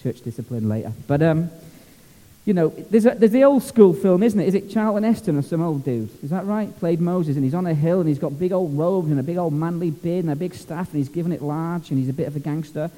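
A Scottish pastor preaching with a lively, jokey, down-to-earth manner. His voice sits fairly high but sounds very mellow and dark. A long church-hall reverb trails every phrase. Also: fairly quick. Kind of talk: sermon.

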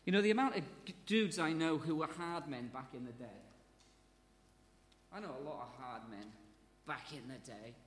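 A man preaching a sermon with a light, fairly high voice. He is lively and jokey and slips into voices of crowds and speakers as he tells it. His words ring out with a long reverb, as in a large hall. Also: normal speed, long pauses, a little hiss or hum.

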